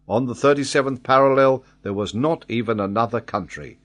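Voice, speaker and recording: Low-voiced man narrating an audiobook.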